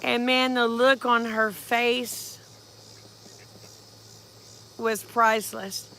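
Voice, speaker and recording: A woman's voice: fairly high pitch, level tone, very slow, sharp tone, slight background noise. A woman, chatting folksily about her farm in a casual storytelling vlog. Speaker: farm vlogger.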